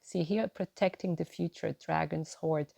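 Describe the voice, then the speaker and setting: A woman giving a gentle, encouraging tarot reading to her viewers, often checking in with "right?" and "you know". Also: sits low, fairly even intonation, normal speed, creaky, breathy edge, dry recording. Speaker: tarot reader.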